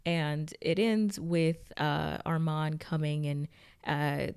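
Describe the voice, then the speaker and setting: A woman's voice: deep voice, takes it slowly, darkish tone, clear, resonant tone. A woman giving a casual, rambling spoken recap of a TV episode, filling her talk with "like" and restarts. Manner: chatty, heavy use of "like", rambling restarts. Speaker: TV recap reviewer.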